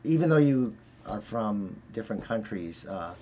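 A man's voice: lowish voice, very animated, moderate pace, dark tone. A man with a Boston accent, a guest on an interview, telling long rambling anecdotes with many fillers and restarts. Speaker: guest, former Olympic figure skater. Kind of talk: casual interview storytelling.

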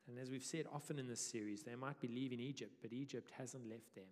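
Conversational preacher. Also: male voice, mid-range voice, a little fast, hardly any pauses. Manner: conversational, animated, self-deprecating. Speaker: pastor. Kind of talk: sermon. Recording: reverberant church hall.

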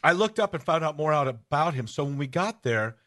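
A man hosting a radio-style podcast, telling stories in a casual, animated way. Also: on the high side, a little fast. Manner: storytelling, animated, shouts out rallying cries. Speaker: podcast host. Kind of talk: casual radio-show chat.

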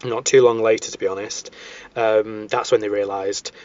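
A man's voice: on the low side, fairly even intonation, moderate pace, darkish tone. Rambling man telling history. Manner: rambling storytelling with many fillers and restarts. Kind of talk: casual chat. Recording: dull lo-fi sound.

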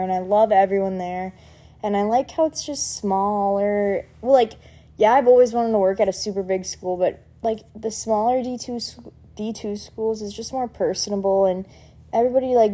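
A woman's voice: medium pitch, dark tone. A young woman vlogging in a casual, chatty, sentimental way, full of likes and ums. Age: young adult. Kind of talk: casual chat.

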